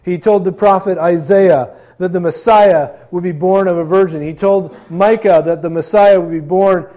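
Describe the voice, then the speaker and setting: A male pastor preaching an earnest, conversational sermon, often pausing with fillers. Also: high voice, fairly even intonation, dark tone.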